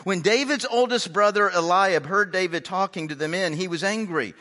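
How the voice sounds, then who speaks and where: A man preaching a sermon as a pastor, emphatic and slowing down to stress his points, often repeating words and restarting. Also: high voice, pushed and bright, in a large hall. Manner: frequent word repeats and restarts. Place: church sanctuary.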